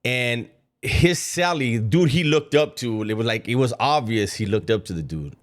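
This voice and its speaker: A man's voice: mid-range voice, expressive, moderate pace. Sarcastic, mocking commentator man. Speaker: reaction commentator. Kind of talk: reaction commentary.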